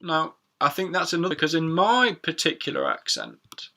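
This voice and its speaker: Male teacher, chatty, gravelly tone, live lesson. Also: fairly high pitch, wildly swooping pitch, bright, forceful tone. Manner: chatty, repeats words slowly for learners. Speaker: English teacher. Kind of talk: live-streamed pronunciation lesson.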